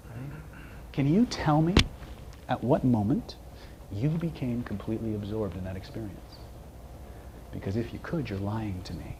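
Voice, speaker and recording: A man's voice: medium pitch, mellow, slight background noise. A man giving a live seminar talk, joking with and quizzing the audience. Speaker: seminar presenter, hypnosis trainer.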